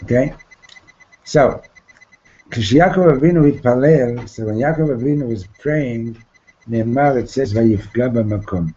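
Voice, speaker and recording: A man's voice: medium pitch, fast, mellow, dull audio. Man teaching a casual Torah class. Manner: informal, repeats himself, asks "right?" often; mixes in Hebrew terms and translates them.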